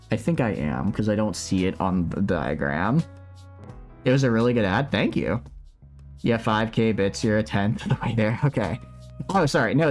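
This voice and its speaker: Animated man chatting on stream. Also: fairly low pitch. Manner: animated, chatty, reacting to chat. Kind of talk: casual live-stream chat. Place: at home, building a model kit.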